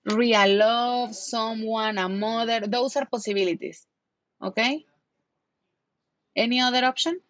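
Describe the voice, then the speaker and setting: A patient woman leads an online English lesson, explaining words and asking her students questions. Her voice is fairly high. The sound is dry and close to the microphone. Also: fairly even intonation, measured pace, long pauses, no room sound. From Mexico. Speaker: English teacher.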